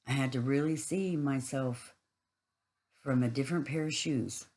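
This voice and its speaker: A woman's voice: a bass voice, normal speed, darkish tone, rough recording. A woman giving a rambling, casual spiritual monologue, earthy and swearing freely.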